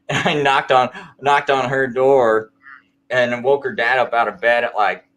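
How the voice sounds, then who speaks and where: A man slowly works through a personal story during a casual late-night conversation, his intonation fairly even and his tone fairly bright. Pitched in an ordinary middle range, his speech wanders and restarts, heavy with filler words.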